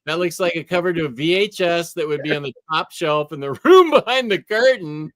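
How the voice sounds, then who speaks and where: A man's voice: on the high side, expressive, fairly quick, a bit bright, dry recording. A man hosting a casual show, telling stories and chuckling often. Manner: chuckling, storytelling. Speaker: host. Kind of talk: casual chat.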